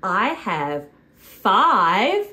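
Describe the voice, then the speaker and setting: Very slow, sing-song woman teaching toddlers. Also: medium pitch, big pitch swings, pushed and bright. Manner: exaggerated, sing-song, repeats words for children to copy. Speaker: preschool video presenter. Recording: echoey room with faint music underneath.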